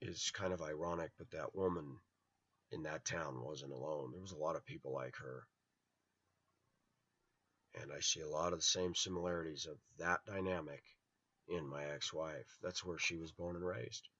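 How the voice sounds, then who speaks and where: With an extremely low pitch, moderate pace and a bright, forceful tone with a breathy edge, a middle-aged LA vlogger bluntly rambles through personal stories, doing voices for the people he quotes. The recording is dry, dull and lo-fi.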